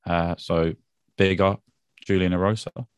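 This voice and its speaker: A man's voice: sits low, fairly even intonation, unhurried, clear, resonant tone, no room sound, clean studio sound. A man co-hosting a podcast, casually recapping fight results with slang and frequent laughs. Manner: laid-back, laughs often, British slang like "mate". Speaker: podcast co-host.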